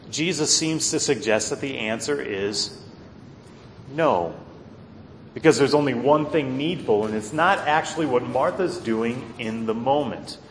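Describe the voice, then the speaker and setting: A pastor preaching a sermon with earnest emphasis, swinging between loud stresses and quiet low asides. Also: male voice, echoey room, long reverb tail, slight background noise.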